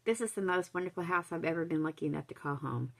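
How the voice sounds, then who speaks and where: A woman reading aloud, voicing a cheerful, kindly older woman who gushes slowly and warmly. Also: fairly low pitch, creaky. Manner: gushing, warm, slow.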